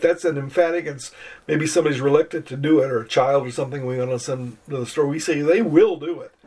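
Husky older man teaching grammar. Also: fairly high pitch, darkish tone. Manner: measured, slows to spell out Greek words, some restarts. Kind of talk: recorded lecture.

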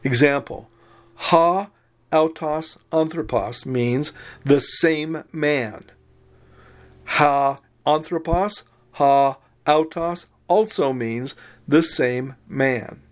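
Methodical man teaching Greek grammar. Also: on the high side. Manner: methodical, explains slowly and spells out forms. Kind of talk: recorded grammar lecture.

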